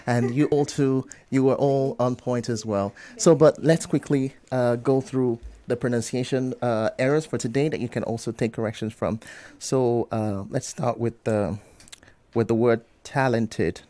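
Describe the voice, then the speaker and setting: A man in a radio studio, briskly correcting student debaters' pronunciation word by word and explaining each fix. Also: medium pitch, steady tone, dark tone. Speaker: pronunciation coach on a radio show.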